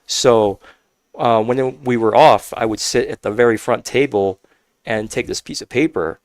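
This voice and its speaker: A man in his twenties talking casually as a podcast guest, earnest and upbeat, jumping into high voices when he quotes people. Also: normal speed, dry recording. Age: 20s. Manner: earnest, upbeat, acts out quotes with big pitch jumps. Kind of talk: casual chat.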